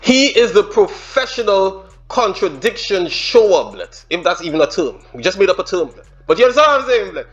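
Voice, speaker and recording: Reaction host: guy, high lively voice, slangy and excited, faint music behind. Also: brisk, few pauses, muffled recording. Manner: excited, slangy, rambling breakdown of lyrics. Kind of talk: casual reaction commentary.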